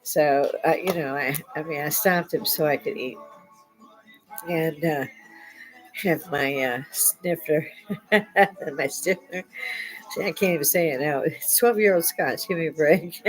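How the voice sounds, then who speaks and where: A woman's voice: sits low, a little slow, soft background music, rough recording. An older woman hosting a casual live-stream chat from home, chatty and laughing often. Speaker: host.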